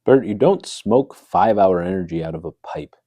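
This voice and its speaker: A man's voice: sits low, animated, normal speed, dark tone, dry recording. An actor playing a stern late-night talk show host who questions his guest in a dry, incredulous and scolding manner in an improv comedy sketch.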